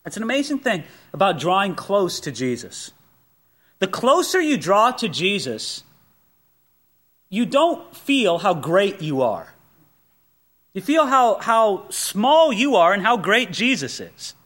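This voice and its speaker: Animated, high-voiced male preacher. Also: slow. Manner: animated, emphatic preaching with rhetorical questions; folksy asides and personal stories. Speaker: pastor. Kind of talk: sermon.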